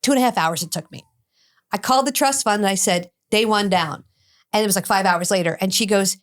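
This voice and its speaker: A woman's voice: medium pitch, very animated, a little fast. A middle-aged woman, an addiction specialist, telling a story in an interview, acting out both sides of the dialogue with blunt, cursing energy.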